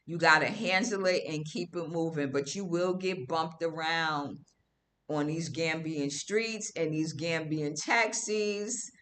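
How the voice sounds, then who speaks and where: A woman hosting a livestream, telling a story to her viewers in casual, animated, slangy talk. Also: deep voice. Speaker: livestream host. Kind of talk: casual storytelling to a live audience.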